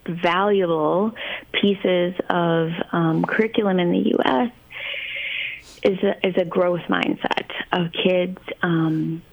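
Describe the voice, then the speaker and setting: A woman speaking as a child therapist guest in a casual podcast conversation, thoughtful and unhurried, with many ums and you-knows. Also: lowish voice, steady tone, gravelly, rough recording.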